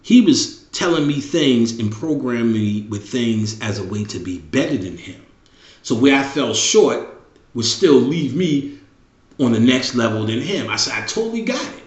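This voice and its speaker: A man's voice: medium pitch, lively intonation, a little slow. Blunt, swearing middle-aged man, roomy sound. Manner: blunt, heavy swearing, repeats phrases. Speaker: show host. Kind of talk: casual profane monologue. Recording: roomy, dull lo-fi recording.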